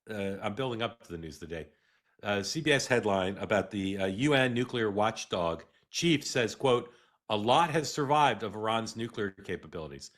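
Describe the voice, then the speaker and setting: A middle-aged man hosting a live political news show, talking in a halting way with many "uh"s and restarts. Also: lowish voice, fairly bright tone. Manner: halting, filler-heavy delivery with frequent "uh" and restarts. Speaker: host.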